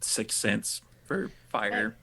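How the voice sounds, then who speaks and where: A man running a tabletop game as game master, in a relaxed, dryly joking manner. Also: lowish voice, very slow, creaky, slight background noise.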